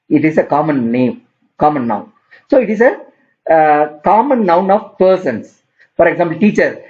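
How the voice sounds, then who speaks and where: A man teaching an English grammar lesson, explaining slowly and repeating terms with examples. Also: a little high, a little mellow, highs cut off.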